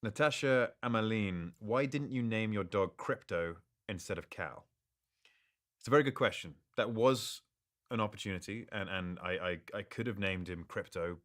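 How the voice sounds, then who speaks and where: Low-voiced man in a relaxed Q&A. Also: moderate pace. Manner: reads questions aloud, relaxed and good-humored; stumbles and restarts in thought. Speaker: actor answering fan questions. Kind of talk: live social-media Q&A.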